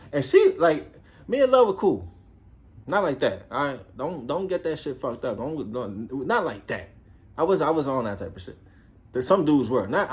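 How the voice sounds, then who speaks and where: A man who used to be a police officer, telling a story casually, swearing a lot and acting out the voices of people in it. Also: mid-range voice. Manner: profane and animated, acts out quoted voices.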